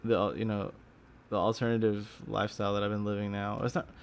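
Young man, from Texas, gravelly voice, lowish pitch, tired rambling vlog chat, faint background hiss. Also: flat delivery, fast. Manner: rambling, many fillers and restarts, casual swearing. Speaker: gaming YouTuber. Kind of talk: rambling casual vlog talk.

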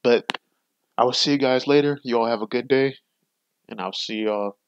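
A man hosting a gaming channel, giving casual, profane let's-play commentary that swings between excited outbursts and hushed, rambling muttering. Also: mid-range voice, moderate pace, clean tone, dry recording, dull audio.

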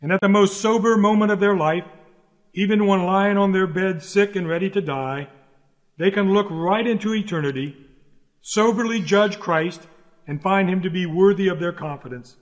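A man's voice: high voice, moderate pace. A man delivering a sermon aloud in an earnest, emphatic preaching manner, pressing his points through repeated direct appeals. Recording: long hall reverb.

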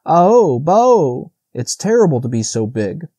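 A male reader doing a timid young doe in a storybook, her voice pitched up and strained as she bleats and begs. The voice sits in a soft, mellow register, recorded dry and close with no room around it. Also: very animated, slow pace, slightly rough, no room sound, full character voice. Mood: panicked. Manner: bleating, pleading cries. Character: frightened young female doe, shrill and hysterical. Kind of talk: audiobook character voice.

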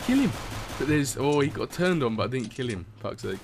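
Talking a little fast over a game, this young male commentator has a mid-range voice with big swings in pitch. He rambles, curses a lot, and cracks himself up with his own anecdotes while background noise runs underneath.

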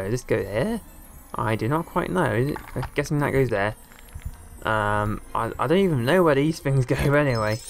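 Lively man commentating a game. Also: mid-range voice. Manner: excitable, jokey, talks to viewers as "guys". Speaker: gameplay commentator. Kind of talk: casual let's-play commentary.

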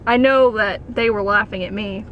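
A young woman chatting excitedly about a film in a parked car. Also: medium pitch, normal speed, highs cut off, slight background noise. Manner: gushing, bursts into loud acted quotes. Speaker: vlogger. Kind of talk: excited casual chat.

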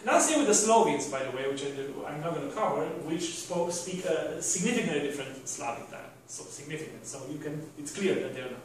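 A man's voice: a little high, expressive, quick pace, hardly any pauses, a little hiss or hum. A man giving a university lecture, rambling with restarts and rhetorical questions to the class. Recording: echoey room from a distant mic.

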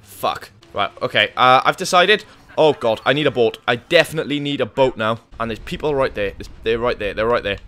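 Gamer panicking and swearing over play. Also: male voice, mid-range voice, a little fast, few pauses, sharp tone. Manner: panicky, swearing, talks to himself. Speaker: gaming YouTuber. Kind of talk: live gameplay commentary.

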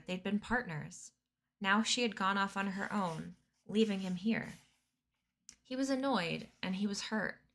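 A woman reading a children's novel aloud on a cozy stream, steady and expressive. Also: medium pitch.

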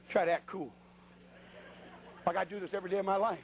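A man preaching a sermon as a colloquial, animated story, acting out sounds and voices. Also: high voice, fast talker, lo-fi sound, a little hiss or hum.

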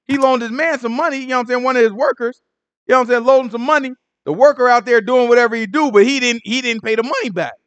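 Male Bible teacher, high voice, dry close sound, slangy and animated retelling. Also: fast, clear, resonant tone, no room sound, dull audio. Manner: street slang, acts out characters, animated. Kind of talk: casual sermon retelling scripture.

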